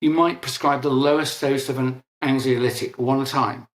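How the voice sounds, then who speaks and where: A man's voice: mid-range voice, fairly even intonation, moderate pace, reverberant. A middle-aged man, an interview guest, explaining at length in a conversational, emphatic way and correcting himself as he goes.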